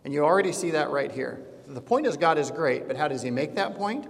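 A man's voice: a little high, expressive, fairly quick, gravelly, hardly any pauses, long reverb tail. A man giving a conversational classroom lecture, digressive and full of fillers, showing slides as he goes.

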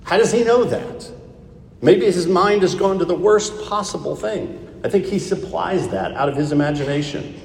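A man's voice: high voice, normal speed, gravelly, a little hiss or hum. A man preaching a sermon, reading scripture and asking his listeners rhetorical questions. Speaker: pastor. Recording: echoey hall, speaker far from mic.

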